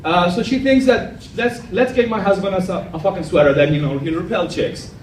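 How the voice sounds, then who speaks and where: A man's voice: sits high, fairly quick, slight background noise. A man doing a stand-up comedy set in a club, crude and self-mocking in his jokes. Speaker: amateur stand-up comic. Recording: echoey club from far off. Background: audience laughter.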